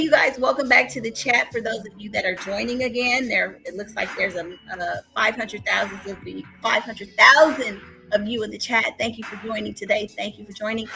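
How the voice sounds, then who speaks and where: Chatty woman streamer, bright kinda high voice, animated, faint music under her. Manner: chatty, animated, laughing asides. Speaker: live stream host. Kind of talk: casual live commentary to a chat.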